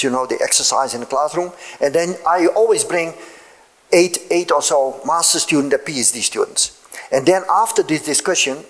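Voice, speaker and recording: An older man with a Dutch accent, speaking English as a second language, gives a public talk in a university hall. His voice sits a little high for a man. He talks with lively emphasis and keeps tagging his points with "you know" and "eh?". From Netherlands. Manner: lively, peppers speech with "you know", "eh?" and "yeah?" tags; emphatic, urging and persuasive. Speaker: guest scientist answering audience questions.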